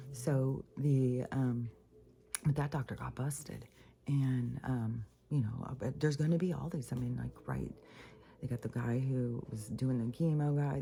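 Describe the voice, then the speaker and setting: A woman rants in a rambling, casual monologue, swearing freely and restarting her sentences. Her voice is gravelly and very mellow. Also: extremely low pitch. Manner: profane, rambling, many fillers and restarts. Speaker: spiritual vlogger.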